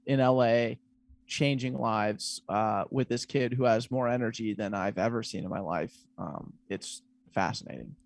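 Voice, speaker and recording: A man's voice: fairly low pitch, moderate pace, vocal fry, no room sound. A man hosting a podcast, chatting casually in a jokey, rambling way. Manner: jokey, rambling, many fillers. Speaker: podcast host.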